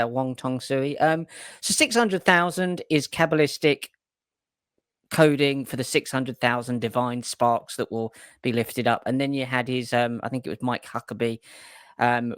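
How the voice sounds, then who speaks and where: A man's voice: medium pitch, moderate pace, fairly bright tone, no room sound, clean studio sound. A man co-hosting a podcast in casual, emphatic chat who swears freely. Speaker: podcast co-host.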